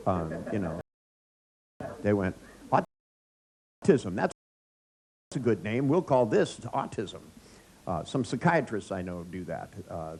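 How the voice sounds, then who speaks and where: Male workshop leader, irreverent anecdotal style, quick to laugh at his own stories. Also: on the low side, a little mellow. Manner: joking storyteller, laughs often; blunt, irreverent. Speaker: workshop trainer. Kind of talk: live workshop lecture. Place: workshop room with audience.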